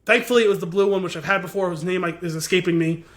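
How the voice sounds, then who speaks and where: A man co-hosting a podcast, telling a rambling, animated story with laughter over a remote call. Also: high voice, racing. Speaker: podcast co-host. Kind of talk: casual chat. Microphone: video call.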